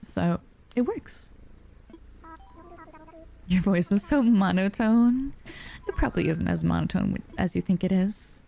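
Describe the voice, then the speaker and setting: A woman streamer chatting softly and calmly on a dynamic mic, sounding sleepy and relaxed. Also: medium pitch, unhurried, creaky, long pauses. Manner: soft, sleepy and calm, yawning. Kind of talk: relaxed live-stream chat. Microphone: dynamic studio mic.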